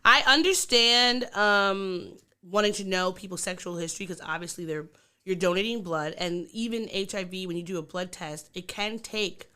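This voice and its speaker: A woman co-hosting a podcast in a relaxed, candid way. Her voice is smooth and resonant, at a middle pitch. She talks things through casually and gets animated when she teases. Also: moderate pace. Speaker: podcast co-host. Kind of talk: casual chat.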